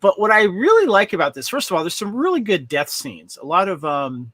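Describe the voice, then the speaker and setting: Bright, dry-voiced man chatting enthusiastically. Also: sits high, big pitch swings, fairly quick, dry recording. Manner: rambling and enthusiastic, full of restarts. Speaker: podcast co-host. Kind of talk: casual chat reviewing movies and shows.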